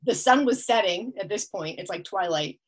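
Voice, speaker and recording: A woman's voice: medium pitch, animated, normal speed, low-quality recording. A woman telling a long story as a podcast guest, laughing often as she talks. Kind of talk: casual storytelling.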